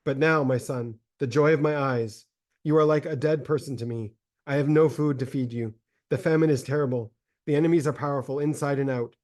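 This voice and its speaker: A man voicing a starving, grief-mad mother in a solemn, measured dramatic reading of a religious text. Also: medium pitch, steady tone, darkish tone, close to an everyday voice. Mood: desperate tender.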